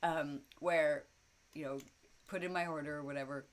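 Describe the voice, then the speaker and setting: Woman, low voice, casual storytelling vlog, chatty, rambling, lots of um and uh. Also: steady tone, normal speed. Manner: chatty, rambling, laughs often, many fillers. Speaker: vlogger telling personal stories. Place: indoors at home, lit by light bulbs.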